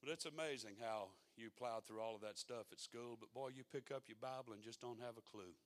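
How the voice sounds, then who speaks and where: A man's voice: medium pitch, fairly quick. A man preaching a sermon in a folksy, conversational way that rises to fervent exhortation.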